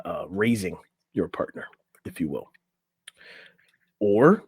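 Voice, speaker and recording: A man's voice: fairly low pitch, dry recording. A man co-hosting a relationship coaching podcast, talking loosely and reading from an article with his own asides. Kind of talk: casual podcast chat. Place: in a room on camera.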